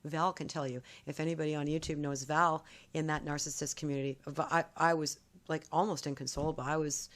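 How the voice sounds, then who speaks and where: A woman in a casual vlog, telling a long story in an emphatic, accusatory way, often repeating her points. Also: low voice. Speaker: vlogger.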